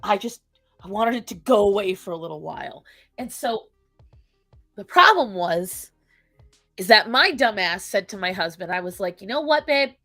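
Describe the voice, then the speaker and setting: A woman streamer chatting casually about games, animated and dramatic, laughing and swearing often. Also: medium pitch, moderate pace, pauses often, faint music behind. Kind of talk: casual gaming chat.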